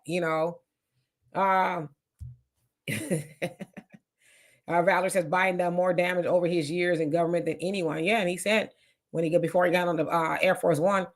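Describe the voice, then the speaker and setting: A woman hosting a casual live commentary, reading viewer comments aloud and reacting in an outspoken, animated way. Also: mid-range voice, moderate pace.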